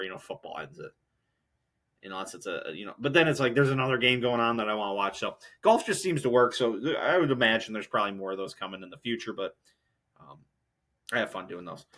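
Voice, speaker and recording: A man's voice: lowish voice, fast talker, bright, forceful tone. A young man hosting a solo podcast, ranting in a heated, profane, rambling way. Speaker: podcast host.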